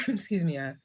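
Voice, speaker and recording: A woman talks straight to her viewers on a casual livestream, swearing freely and laughing often. Her voice sits at a middling pitch, and her delivery stays blunt and jokey as she responds to the chat. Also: sharp tone, slightly rough. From United States. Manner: blunt, heavily profane, jokey with frequent laughter. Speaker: livestream host, spiritual reader.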